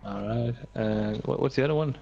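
A man with a Dutch accent, chatting casually while streaming a game, excitable and prone to stammered restarts. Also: mid-range voice, normal speed, creaky. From Netherlands. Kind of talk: casual gaming chat. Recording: dull lo-fi mic, faint noise.

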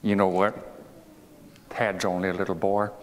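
In a deep, level voice at normal speed, a man portraying a 19th-century president reads a fable aloud as a homespun storyteller. He wanders into folksy asides and quizzes the audience, and the echoey hall carries faint ambient noise.

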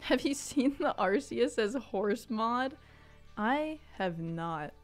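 A woman's voice: a little high, lively intonation, takes it slowly, soft background music. A woman streaming a farming game live, chatting playfully with her viewers and reading their comments aloud. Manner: chatty and playful, answers chat, mock outrage. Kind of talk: casual live-stream chat.

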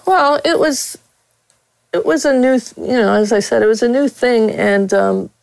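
This Pittsburgh woman, a longtime sportswriter, is a guest in a casual interview, telling blunt stories full of fillers and laughter. Her voice is on the high side, creaky and slightly mellow, at a moderate pace. The audio is poor, though without echo.

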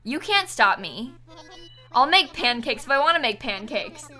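A woman's voice: sits high, sing-song, measured pace, pushed and bright, soft background music. A young woman chatting on a live stream while gaming, giggly and apologetic, thanking viewers as she plays.

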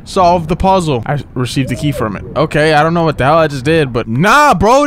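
A young man streaming a horror game, talking in slang, yelping and shouting whenever he gets scared. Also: a little high, a little fast, a little hiss or hum. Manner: excitable, yelps and shouts when scared, slangy. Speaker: gaming streamer. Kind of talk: horror game let's play commentary. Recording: game music playing behind.

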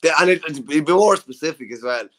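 A man's voice: a little high, animated, brisk, fairly bright tone, low-quality recording. Chatty Irish man co-hosting sports talk. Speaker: podcast co-host. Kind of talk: casual sports chat.

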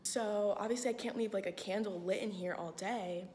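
A woman's voice: mid-range voice, normal speed, a little mellow. A young woman in her twenties filming a casual vlog in her apartment, chatty and dramatic, often dropping to a whisper. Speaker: vlogger. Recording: echoey room with background noise.

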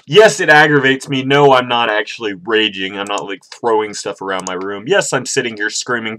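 A man with a bright, edgy voice records himself playing a computer game in his room at home. He swears freely, rants and yells at the game when it goes wrong, then drops into relaxed, rambling chat with his viewers. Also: medium pitch, a little slow. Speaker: gaming channel host. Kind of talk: casual gameplay commentary.

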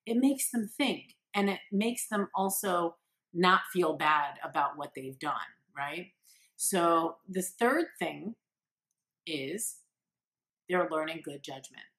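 Slow but lively in her intonation, this woman speaks in a lowish, fairly bright voice. As a parenting coach talking straight to camera, she encourages parents earnestly and performs the quotes she shares.

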